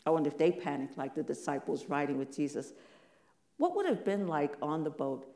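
Preacher, warm and mellow tone, casual sermon delivery with lots of rhetorical questions; roomy, echoing sound. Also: medium pitch, lively intonation, brisk. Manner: conversational, many rhetorical questions, playful asides. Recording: echoey room.

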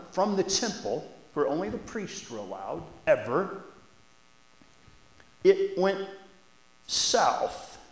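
A man who serves as a church elder, reading scripture and then preaching a sermon in a conversational, folksy and earnest way inside a church sanctuary. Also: on the high side. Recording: echoey church room.

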